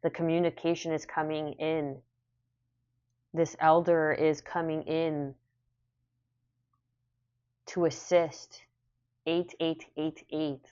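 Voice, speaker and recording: A woman's voice: low voice, flat delivery, slow pace, long pauses, darkish tone, clear, resonant tone, dull audio. A woman giving a casual spoken tarot reading, repeating phrases in a soothing, affirming way. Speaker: tarot reader.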